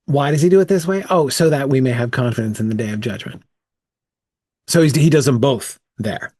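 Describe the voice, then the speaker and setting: A man's voice: medium pitch, brisk, darkish tone, dry recording, clean studio sound. Man teaching a casual bible study. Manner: thinking aloud, frequent "right?" and "um".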